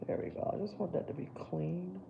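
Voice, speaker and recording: A woman's voice: fairly low pitch, a little fast, gravelly, muffled recording, noisy background. A woman hosting a casual makeup livestream, chatting to viewers as she works on her brows. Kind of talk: casual live makeup chat.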